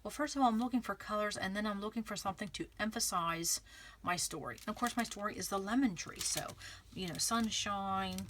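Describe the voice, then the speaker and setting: A woman's voice: medium pitch, fairly quick, a bit bright, slight background noise. A woman vlogging a scrapbooking tutorial, chatting casually and thinking aloud as she works, often checking in with the viewer. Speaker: craft vlogger. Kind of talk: casual crafting tutorial, talking while working.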